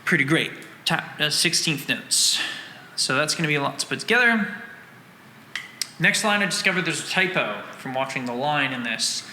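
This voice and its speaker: A man's voice: on the high side, animated, normal speed, a little hiss or hum. A man teaching a drum lesson, breaking down snare rhythms and counting and singing the beats aloud in syllables while explaining with casual fillers. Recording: roomy echo with long reverb, loud drum music behind. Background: drum line music.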